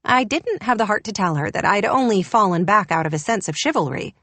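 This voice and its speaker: A woman's voice: medium pitch, expressive, fairly quick, a bit bright, no room sound. Woman narrating an audiobook. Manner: wry, descriptive. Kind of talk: scripted narration.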